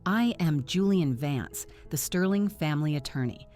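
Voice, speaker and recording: A smooth, controlled male attorney who speaks in clipped, formal phrases, as a woman narrator reads him. The voice is lowish, with faint music underneath. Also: expressive, moderate pace, a little mellow. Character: slick composed male family attorney.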